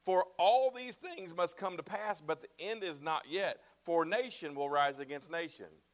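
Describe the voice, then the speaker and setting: Male preacher, higher voice, emphatic sermon delivery, repeats lines and checks in with the congregation. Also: normal speed. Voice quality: bald-headed preacher, self-described. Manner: emphatic, repeats phrases and asks "right?" and "amen?".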